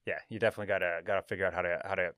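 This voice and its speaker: A man's voice: low-pitched, fairly even intonation, rapid-fire, fairly bright tone, no room sound, studio quality. Rambling man hosting a podcast. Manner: rambling, self-correcting, many restarts. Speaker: podcast host. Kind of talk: casual chat. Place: podcast studio.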